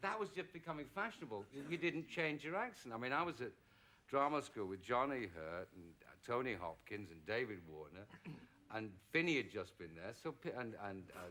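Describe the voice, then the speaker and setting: Bright-voiced middle-aged English actor. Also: male voice, medium pitch, a little fast. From England. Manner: lively storyteller, acts out quoted voices. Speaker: actor, talk show guest. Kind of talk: anecdotal chat.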